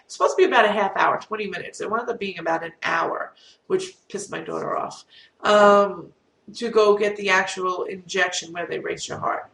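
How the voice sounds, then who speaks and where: Middle-aged woman vlogger with a cold, gravelly and rambling, recorded off-mic in a boomy room. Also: a bit bright, a little hiss or hum. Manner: rambling, candid, self-deprecating. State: has a cold. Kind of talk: casual storytelling to camera. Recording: roomy echo, distant from mic.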